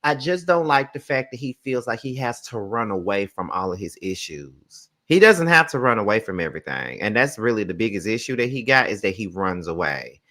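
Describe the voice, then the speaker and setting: Bright-voiced man giving blunt commentary. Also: lowish voice, sing-song, brisk, hardly any pauses. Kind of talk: reaction commentary.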